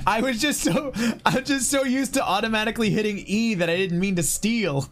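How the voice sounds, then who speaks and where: A man's voice: high voice, normal speed. A man streaming a video game, chatting casually, swearing and laughing often. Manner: excitable, swears and laughs a lot. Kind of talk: casual gameplay stream chat.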